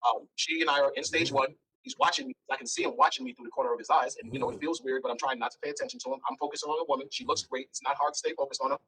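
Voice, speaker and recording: A man's voice: a little high, rapid-fire, gravelly, hardly any pauses, a little hiss or hum, poor audio. A man speaking as an interview guest, telling a blunt, candid story and acting out the dialogue. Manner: blunt, animated, acts out dialogue.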